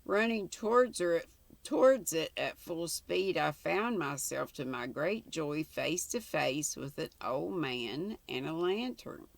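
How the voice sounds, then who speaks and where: An older woman reading a ghost story aloud in a measured way, with occasional small slips. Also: deep voice, animated, gravelly, no room sound. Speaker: channel host, story reader.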